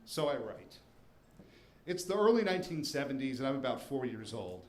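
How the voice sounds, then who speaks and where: A man's voice: mid-range voice, big pitch swings, normal speed. A man in his forties from the Washington, D.C. area, telling a first-person story on stage with wry, self-deprecating humor. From Washington, D.C. area, USA. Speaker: storyteller and attorney. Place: live show venue before an audience. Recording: roomy live venue with faint ambience.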